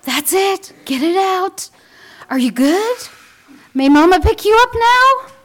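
A fussing young mother, as a woman puts her on, pleads with her child in a soaring, sing-song voice. She drags the words out slowly and swoops high on every plea. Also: very animated, a bit bright, exaggerated voice. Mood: coaxing.

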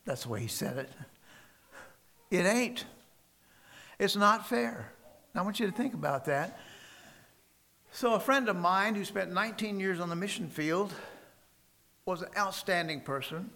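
A man preaching a sermon and telling stories emphatically, with sudden loud stresses and soft drops. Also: high-pitched, lively intonation, normal speed, creaky, long pauses.

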